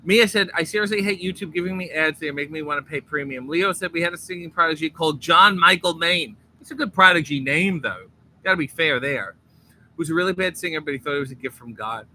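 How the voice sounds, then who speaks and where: A man hosting a livestream in a hotel room, reading out viewer comments in casual chat with sardonic, deadpan asides. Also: a little high, fairly quick, slight background noise. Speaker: livestream host.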